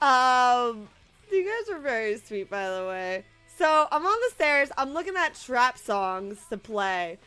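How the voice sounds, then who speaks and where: A young woman vlogging, telling a story with animated energy, casual swearing and laughter breaking into her sentences. Her voice sits high and sounds bright and forward, with faint music behind her. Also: measured pace, clear, resonant tone.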